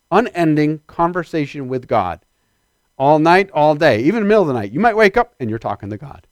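Man preaching a sermon, middle-aged, animated, dry close sound. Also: fairly high pitch, dry recording. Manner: animated, calls out to the congregation.

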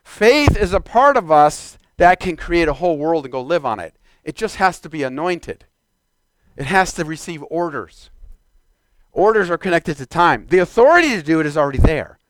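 A man preaching a sermon, moving from quiet, measured teaching to loud, exclaimed calls to the congregation. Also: on the high side, big pitch swings, no echo.

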